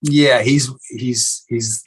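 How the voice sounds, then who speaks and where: A young adult man from Eastern Kentucky, answering interview questions in a relaxed way with many fillers and restarts. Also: mid-range voice, very slow, husky, rough recording. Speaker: actor guest.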